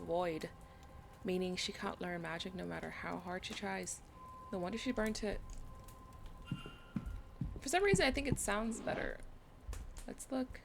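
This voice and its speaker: Chatty woman gamer with vocal fry. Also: mid-range voice, animated, a little slow, long pauses, background noise. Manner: chatty, reads item text aloud. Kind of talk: casual let's-play commentary.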